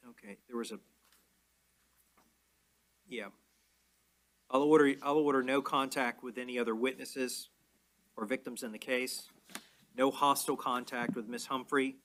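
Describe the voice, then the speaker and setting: A man presiding as judge in a courtroom, explaining orders in a measured, plain way. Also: medium pitch, fairly even intonation, fairly bright tone. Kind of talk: courtroom proceedings.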